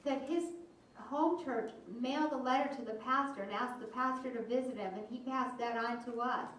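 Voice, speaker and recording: A woman voicing a sermon aloud for an interpreted service, with slow, measured phrasing and pauses. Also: a little high. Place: church sanctuary. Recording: distant, echoey church hall, faint hum.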